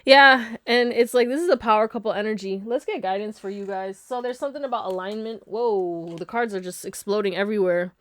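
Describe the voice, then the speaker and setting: A woman reads tarot cards for her viewers in a loose, chatty way, often laughing and dropping slangy asides. Her voice sits at a middle pitch. The recording is dry and close to the mic. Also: fairly quick, hardly any pauses, no room sound. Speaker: tarot reader. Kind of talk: casual pick-a-card tarot reading.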